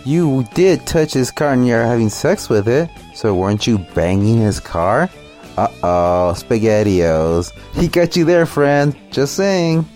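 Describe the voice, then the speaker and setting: Man, mid-pitched voice, mocking commentary, heavy swearing, sneering tone. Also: lively intonation, measured pace, hardly any pauses, darkish tone, soft background music. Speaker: video commentator. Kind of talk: profane commentary over a video clip.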